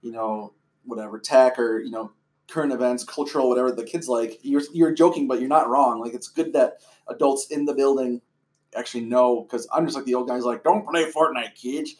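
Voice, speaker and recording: A man's voice: medium pitch, steady tone, brisk, a little mellow. A man hosting a casual interview, chatty and playful, laughing easily. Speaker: host.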